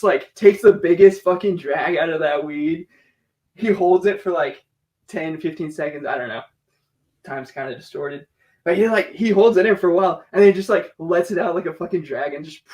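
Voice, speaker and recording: An American man telling a casual story as a podcast guest, animated, laughing often and swearing freely, with lots of filler words. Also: high-pitched, normal speed. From United States.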